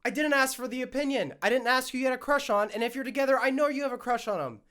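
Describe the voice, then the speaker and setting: A man's voice: extremely high pitch, quick pace, a bit bright. A young man hosting a solo podcast, ranting in a worked-up way and swearing often, his throat scratchy and prone to coughing. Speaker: podcast host.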